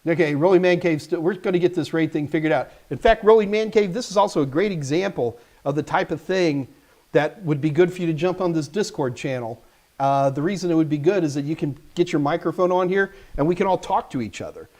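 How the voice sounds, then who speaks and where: A man's voice: a little high, a little fast, darkish tone. A man hosting a live stream, answering viewers' tech questions in a casual, joking way and talking straight to the chat.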